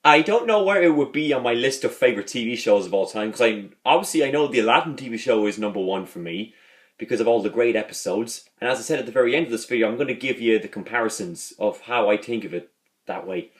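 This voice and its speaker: A man's voice: medium pitch, expressive, fast. A man hosting a casual video, rambling as he talks, repeating words and restarting his sentences. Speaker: video host reviewing a sitcom. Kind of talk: casual vlog talk.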